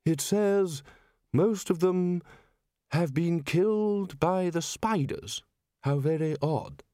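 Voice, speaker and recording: Man voicing a fussy old wizard, prim, high-pitched, slow, dry close sound. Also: mellow, no echo. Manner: prim, hesitant.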